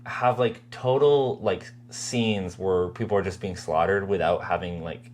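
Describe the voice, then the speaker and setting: A woman's voice: rumbling low, a little slow, darkish tone, slight background noise. A young adult woman co-hosting a podcast in casual chat, talking with lots of fillers and frequent laughs. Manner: chatty, laughs often, full of "like" fillers. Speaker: podcast co-host.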